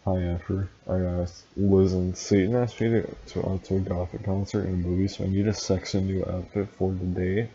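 A man with a low, dark voice reads a story in a flat monotone and cuts in with deadpan, mocking remarks. The recording is dull and lo-fi, with faint hiss underneath. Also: moderate pace, few pauses. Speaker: reader and commentator. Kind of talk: comedic reading with sarcastic asides.

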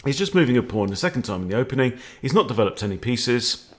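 A man coaching chess in a jokey, theatrical way. His voice sits at an ordinary pitch but swings up and down a lot as he plays up the moves. He keeps the tone of a friendly lesson. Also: fast talker. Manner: playful, animated, jokey with exclamations.

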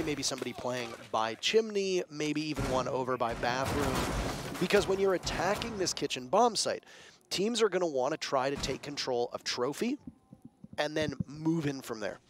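A man calling an esports match play by play, excitable and rising to shouts on big plays. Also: a little high, a little fast, noisy background. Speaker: esports commentator. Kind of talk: play-by-play commentary.

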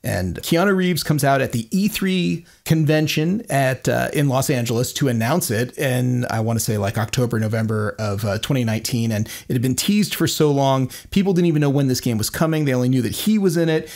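A man's voice: medium pitch, brisk, few pauses, darkish tone. A man co-hosting a podcast in loose casual chat, using lots of fillers like "uh" and "you know," hedging and drawing out his points. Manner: loose, filler-heavy, hedging, stretches words. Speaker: podcast co-host.

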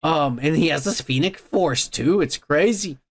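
A man with a high voice hosts a casual podcast, retelling a cartoon episode in a rambling, excitable way. He swears constantly and piles on fillers as he goes. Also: a little slow. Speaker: podcast host.

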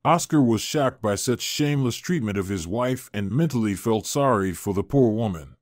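A man reading a scripted story as narrator in a steady storytelling manner. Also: lowish voice, normal speed, few pauses, dry recording, studio quality.

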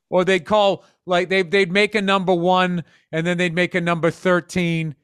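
A man's voice: high voice, little pitch movement, measured pace, long pauses, a bit bright, smooth, no echo, clean studio sound. A man in his fifties telling profane, rambling stories as a podcast co-host, now and then slipping into voices. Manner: profane storytelling, jumps into voices. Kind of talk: casual chat.

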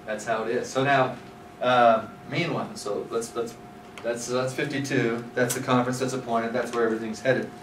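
A man's voice: medium pitch, steady tone, normal speed, hardly any pauses, a bit bright. A man teaching a scripture class, telling the history in a conversational way with many fillers. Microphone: far from speaker. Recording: roomy, distant, noisy room.

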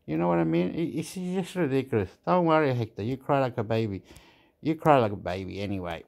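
A man's voice: mid-range voice, a little fast, creaky, darkish tone. A man rambling and swearing in a casual monologue, dropping into now and then. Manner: swearing, rambling, mixes English and Spanish.

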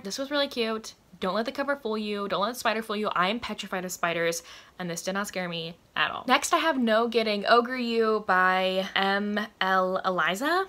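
A woman reviews books in a casual vlog, chatty and enthusiastic, using lots of "like" and laughing often. Her voice is medium in pitch, pushed and bright.

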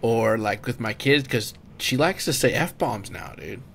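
A man co-hosting a casual podcast, excitable and quick to laugh, full of "like" and "dude.". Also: mid-range voice, creaky, a little hiss or hum. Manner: excitable, laughs easily, says "dude" and "like" a lot. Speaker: podcast co-host. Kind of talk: casual chat.

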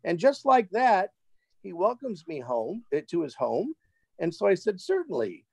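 A man as an interview guest, telling a personal travel story in an animated, casual way and often repeating words as he gets excited. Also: high-pitched, moderate pace, vocal fry, slightly rough, no room sound, poor audio.

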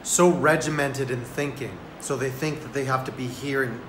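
Man, vlogger, bright voice, relaxed rambling delivery, roomy recording with faint ambience. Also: mid-range voice, normal speed, slight background noise. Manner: laid-back, rambling, lots of "like". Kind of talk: casual storytelling vlog.

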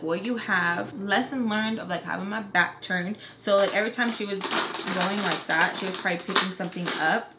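A chatty young woman tells a casual story, her talk full of fillers. Her voice sits at a middle pitch and rings in a roomy, echoey space with a faint hiss behind it. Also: pushed and bright. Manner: chatty, lots of "like" fillers, acts out quotes. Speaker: beauty vlogger. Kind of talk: casual story time chat. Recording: roomy echo.

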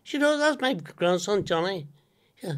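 A man's voice: high voice, animated, a little slow. An older man, a guest comedian chatting casually, laughing often and swearing freely. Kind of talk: casual chat.

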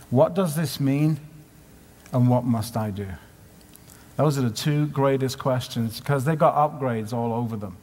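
A man's voice: mid-range voice, a little mellow. A man preaching at a conference in a conversational way, asking many rhetorical questions. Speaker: conference speaker. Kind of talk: sermon. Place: conference hall. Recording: live hall with long reverb.

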